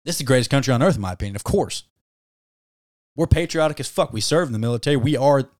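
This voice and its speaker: A man co-hosting a casual podcast chat, ranting heatedly and cursing freely. His voice sits at an ordinary middle pitch for a man. The sound is dry, with almost no room echo. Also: expressive, fast talker, darkish tone. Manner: heated, swears a lot, ranting. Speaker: podcast co-host.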